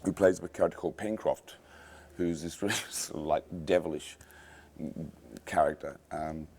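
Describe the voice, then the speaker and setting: A man's voice: low voice, normal speed, a little mellow. A man directing a film, interviewed on set, talking casually and enthusiastically with many repeated starts and fillers. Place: film location in a tropical cave.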